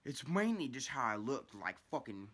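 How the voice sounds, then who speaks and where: A man's voice: mid-range voice, very animated, normal speed, fairly bright tone. A young man with a mid-range voice tells a story from his past as a casual vlogger. He rambles, swears freely and often trips back over his own sentences. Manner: rambling, heavy swearing, restarts.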